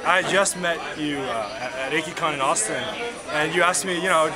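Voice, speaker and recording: Excited Texan videographer before a loud crowd. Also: male voice, on the high side, moderate pace. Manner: excited, rambling with restarts. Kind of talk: casual interview. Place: outdoors at a convention at night.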